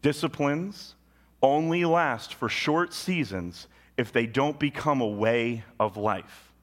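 Male pastor, sermon, mid pitch, lively storytelling, high emphatic peaks, hushed solemn drops. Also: slow pace. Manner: animated storytelling with sudden jumps in pitch and volume; drops low and quiet on solemn points.

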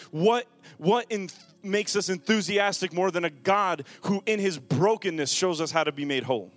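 A man preaching a sermon in a church with a handheld microphone, moving between quiet, reflective passages and loud, fervent calls to his congregation. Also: sits high, normal speed, faint music behind. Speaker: pastor. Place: church sanctuary.

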